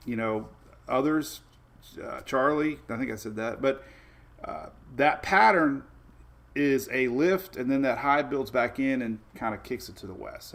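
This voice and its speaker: A man talks through weather maps on a casual livestream. His voice sits at a middle pitch. He rambles in an easygoing way, stopping for fillers and restarts and breaking off to greet viewers by name. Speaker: weather show host.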